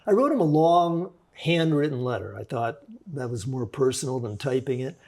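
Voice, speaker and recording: During a podcast interview, a forensic psychologist and author in his sixties tells a story in a measured, reflective way, often restarting his sentences. His mid-range voice is expressive with a darkish tone.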